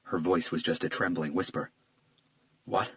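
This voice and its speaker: A man reads a crime thriller aloud in a very deep, low voice. His delivery is measured and tense, steady through the action. He voices the lead detective in his own register. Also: no room sound, poor audio. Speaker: audiobook narrator. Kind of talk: scripted thriller narration.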